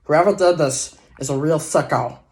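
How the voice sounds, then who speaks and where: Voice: mid-range voice, moderate pace, a little mellow, lightly acted. A performer voicing a basement-dwelling gamer who gives earnest, rambling testimony in an amateur comedy sketch.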